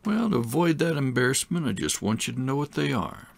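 A man's voice: mid-range voice, very animated, a little fast, gravelly, no room sound. A man giving a recorded lecture as an instructor, talking in a conversational way with wry asides.

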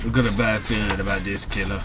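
A man playing a game with friends, loud and excitable, yelling in bursts. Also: fairly low pitch, fast. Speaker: gamer. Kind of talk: excited gameplay chat.

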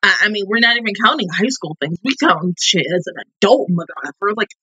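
Profane, lively woman reacting to anime. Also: medium pitch, fairly quick, slightly rough, no echo, low-quality recording. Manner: profane, exasperated ranting at the screen. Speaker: anime reaction channel host.

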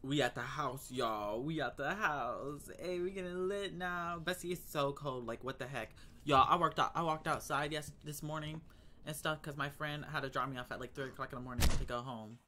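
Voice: medium pitch, moderate pace, sharp tone. A young adult gaming vlogger chatting casually while playing, full of slang, gasps and dramatic exclamations. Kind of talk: casual gaming commentary and chat.

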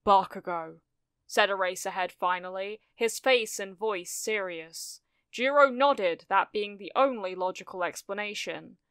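In a steady, measured reading voice, a woman narrates a fan fiction story from a script. Her medium-pitched tone is smooth and clear, recorded close and dry with no room sound.

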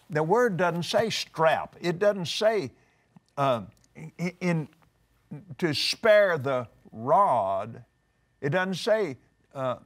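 An older man leads the talk in a lively, conversational preaching style. He is emphatic and animated, repeating words for force. His voice sits a little high for a man and moves through a wide range. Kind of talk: conversational teaching.

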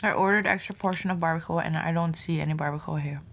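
A woman with a fairly low voice talks casually to her viewers. She rambles loosely and peppers her sentences with "like", relaxed and unscripted. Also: fast talker, gravelly, slight background noise. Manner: chatty, rambling, heavy use of "like". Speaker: vlogger. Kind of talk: casual vlog chat while eating.

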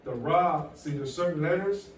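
A man's voice: fairly high pitch, normal speed. A male teacher leading a classroom pronunciation drill, repeating rules and coaxing students to repeat after him. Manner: repetitive, coaxing call-and-response teaching. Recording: echoey classroom from far off, faint hum.

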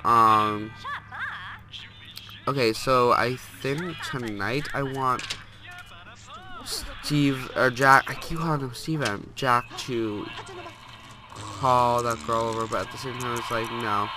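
A man's voice: mid-range voice, steady tone, a little slow, long pauses, over music. A young man with a stuffed-up nose, rambling casually through gameplay commentary and scolding the characters on screen. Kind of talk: casual let's play commentary.

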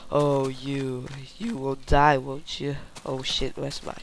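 A young man giving excited, swear-filled live commentary while playing a game, often yelping in panic. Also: medium pitch, a little slow, vocal fry. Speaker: gamer.

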